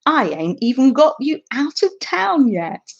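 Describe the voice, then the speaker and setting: A woman's voice: high-pitched, big pitch swings, unhurried, lo-fi sound, exaggerated voice. A woman reading as a rambling, folksy local man. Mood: amused. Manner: rambling, folksy, overly detailed. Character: chatty local man giving long-winded road directions.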